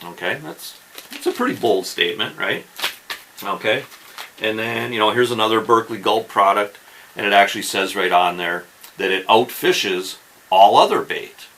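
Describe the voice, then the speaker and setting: Lively low-voiced man hosting a fishing show. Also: moderate pace, a little hiss or hum, low-quality recording. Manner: chatty, keeps checking in with "okay?" and "right?". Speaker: fishing channel host. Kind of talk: casual instructional talk to camera.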